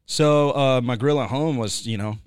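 A podcast host rambles through a casual chat full of fillers and jokes. His mid-range voice is clear and resonant at a moderate pace, recorded with clean studio sound and no room sound.

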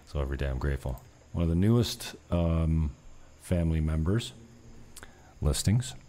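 A man's voice: rumbling low, expressive, unhurried, long pauses, mellow. A man from Canada talking casually in a vlog, blunt and rambling, swearing often. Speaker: vlogger.

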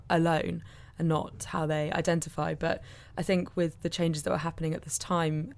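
Female co-host, low gravelly voice, measured, explanatory. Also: a little mellow. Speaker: podcast co-host. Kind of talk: scripted narration.

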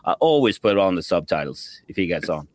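Halting low-voiced host. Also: male voice, very animated. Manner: halting, hesitant, slow to find words. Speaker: podcast host. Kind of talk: casual podcast interview.

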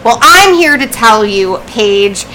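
A woman's voice: a little high, sing-song, takes it slowly, bright, forceful tone, a little hiss or hum, poor audio. A woman co-hosting a podcast, chatting playfully and laughing often. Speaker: podcast co-host. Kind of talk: casual podcast banter.

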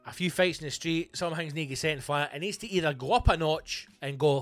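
A young man rants as a podcast host, sweary and sardonic, mocking people by putting on their voices. His voice sits a little high for a man. The sound is dry and close, with faint music underneath. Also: a little fast, fairly bright tone, dry recording. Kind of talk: profane rant.

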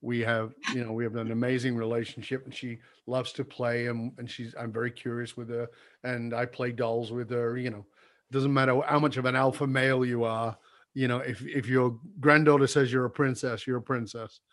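Older male guest, earnest, confessional storyteller, softens at the tender moments. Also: level tone, normal speed. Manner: earnest, confessional, drops soft and low when recalling apologies. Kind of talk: reflective personal storytelling.

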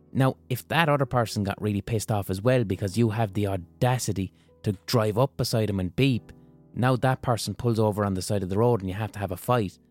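A man's voice: lowish voice, darkish tone, no echo. A young adult man, hosting a solo podcast in a blunt, conversational way and swearing freely. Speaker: podcast host. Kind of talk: casual solo podcast monologue.

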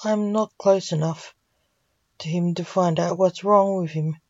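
A woman's voice: fairly low pitch, fairly even intonation, measured pace, a little mellow, dry recording. A woman reading the lines of a fretful male assistant, worried and explaining, on a dull recording.

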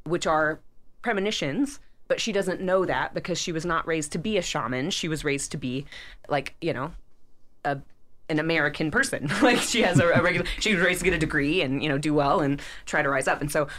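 A woman's voice: low voice, brisk, a bit bright. A woman author as a podcast guest, talking in a rambling, upbeat way with many fillers. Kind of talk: casual interview chat.

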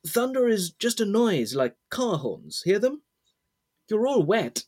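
Old grandfather, shivering but gentle and coaxing, as a man reads him. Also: high-pitched, big pitch swings, slow pace, pitched above the performer's own voice, exaggerated voice.

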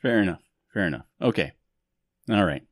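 A man's voice: sits low, animated, normal speed, no echo. A man hosting a podcast in casual chat, joking, self-mocking and rambling. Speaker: podcast host.

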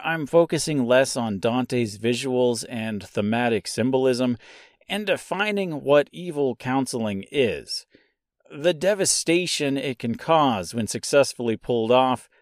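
A man's voice: medium pitch, expressive, unhurried, no room sound, studio quality. A man hosting a podcast, giving casual, wry commentary on a classic poem with self-deprecating asides. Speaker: podcast host.

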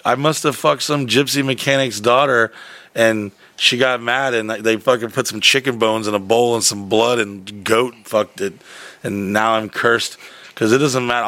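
A man's voice: medium pitch, steady tone, normal speed, bright, forceful tone, no room sound. A man telling a long story in casual chat, profane and rambling, acting out the people in it.

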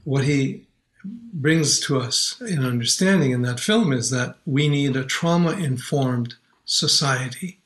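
An older man from Canada, a singer telling stories of his songs in an interview, earnest and unhurried. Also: medium pitch, fairly bright tone, poor audio. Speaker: children's singer and guest. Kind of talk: warm reflective interview talk.

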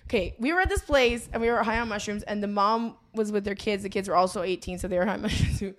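A woman's voice: mid-range voice, fast. A woman comedian co-hosting a casual comedy podcast, telling stories in a giggly, rambling way.

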